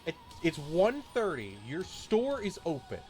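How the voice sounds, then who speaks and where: A man's voice: on the high side, wildly swooping pitch, unhurried, darkish tone, faint music behind. A man streaming a game while telling a grumbling, profanity-laced story in a casual chat. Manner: swears freely, grumbling rant.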